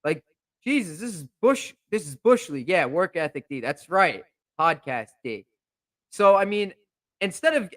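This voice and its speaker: A man's voice: high-pitched, bright, forceful tone, dry recording. A young man hosting a podcast, ranting in a fired-up, indignant way and repeating himself as he builds steam. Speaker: podcast host. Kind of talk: heated podcast rant. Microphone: podcast microphone.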